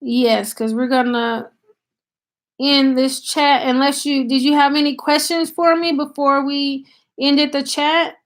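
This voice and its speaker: Southern country gal chatting on a livestream into her laptop mic, high voice, takes her time. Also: fairly even intonation, unhurried. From Tennessee, US South. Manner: chatty, thanks viewers by name, many fillers. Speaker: channel host on a live stream. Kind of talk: casual live-stream chat.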